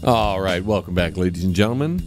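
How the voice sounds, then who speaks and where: A man hosting a comedy call-in show, moving briskly from caller to caller. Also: low-pitched, over music. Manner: brisk and lively, moving quickly between callers. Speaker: radio show host.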